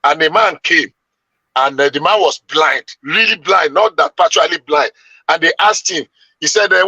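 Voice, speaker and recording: A man's voice: on the high side, moderate pace, sharp tone, breathy edge, dry recording, dull audio. A man, arguing emphatically and at length as a panelist in a heated debate. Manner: emphatic, argumentative, long-winded.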